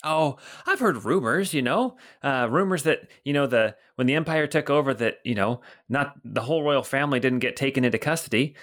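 A man's voice: mid-range voice, animated, a little fast, hardly any pauses, fairly bright tone, lightly acted. A man voicing a gossipy, rambling city guard in his fifties who is nearing retirement, for a tabletop game. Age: 50s. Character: chatty rotund older male city guard.

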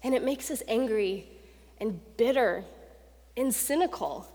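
A woman's voice: fairly high pitch, a little slow. Woman preaching in an echoing hall. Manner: conversational and animated, acts out quotes with rising intensity. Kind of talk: sermon. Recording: long reverb of a large hall.

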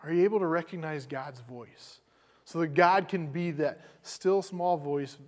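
A man's voice: a little high, unhurried, big-room sound. A man preaching a sermon as pastor, conversational, repeating words as he goes.

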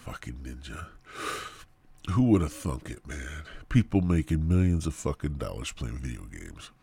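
A man's voice: extremely low pitch, big pitch swings, moderate pace, vocal fry, mellow, breathy edge. A man hosting a podcast, ranting crudely in a rambling comedic monologue and swearing constantly, in his thirties. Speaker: podcast host.

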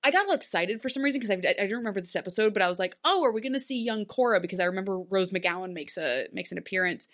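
An animated woman in her thirties chats casually as a co-host. She acts out scenes in playful voices and laughs often as she goes. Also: on the low side, racing, few pauses. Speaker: podcast co-host. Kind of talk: casual recap chat.

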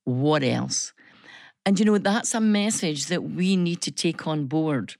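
A middle-aged Scottish woman with a low voice and a gravelly edge, chatting as a radio guest. She tells her stories in a lively, talkative way, often restarting her sentences. The studio sound is dry and close. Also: unhurried, no room sound. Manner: animated storyteller, chatty, many restarts. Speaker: business chamber chief executive, guest. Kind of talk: casual radio chat.

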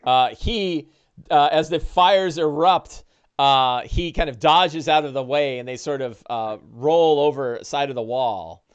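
A man's voice: on the high side, measured pace, clear, resonant tone, dull audio. A man narrating as game master of a tabletop game, talking casually with many filler sounds. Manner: lively, casual, frequent uh fillers.

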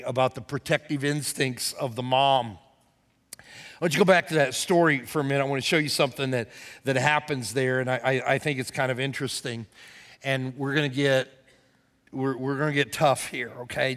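A middle-aged man preaching a sermon as pastor, telling a story that swells to loud excited peaks and drops to hushed tones. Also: mid-range voice. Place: church sanctuary. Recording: long hall reverb.

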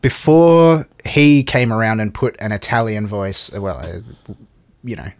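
A man's voice: lowish voice, measured pace, darkish tone. A man co-hosting a podcast in casual chat, sweary and laughing, often trailing off into mutters. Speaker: podcast co-host.

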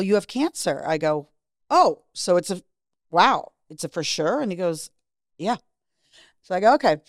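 Woman, fifties, lower voice, blunt storyteller, swears freely, dry sound. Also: dry recording. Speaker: guest. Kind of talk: candid interview storytelling.

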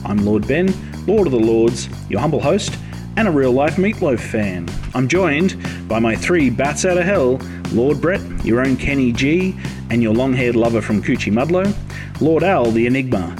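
Aussie guy doing a playful show intro, guitar music loud under him. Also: mid-range voice, expressive, normal speed. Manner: playful, announcer-like. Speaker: podcast host.

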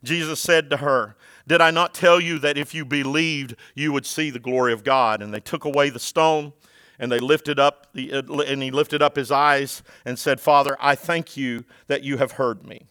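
A pastor who preaches a sermon, moving from loud, shouted passages to quiet scripture reading. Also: male voice, mid-range voice, steady tone, moderate pace, clear, resonant tone, no room sound.

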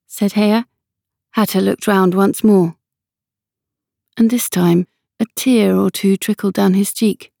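A woman's voice: mid-range voice, steady tone, slow, vocal fry, pauses often, dark tone, no room sound, studio quality. A woman volunteer reading a classic storybook aloud. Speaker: volunteer reader.

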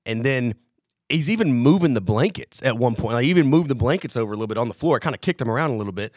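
A man's voice: medium pitch, fast talker, no echo. Profane storytelling man, dry close sound. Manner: animated, profane, acts out quotes. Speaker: podcast co-host. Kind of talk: casual storytelling chat.

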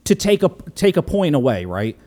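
A man in his thirties with a fairly high voice, reviewing a film in relaxed conversation. He talks earnestly and thinks his points through out loud, going back and forth before settling on a rating. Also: normal speed. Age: 30s. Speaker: podcast co-host. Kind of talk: casual film review chat.

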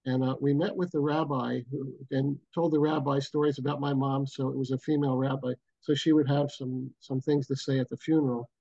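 Mellow older man telling a story. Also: mid-range voice, level tone, gravelly, slightly rough, no echo, muffled recording. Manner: unhurried, reflective, frequent pauses. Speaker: guest, booking agent. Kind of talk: storytelling interview. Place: home, bridge view behind.

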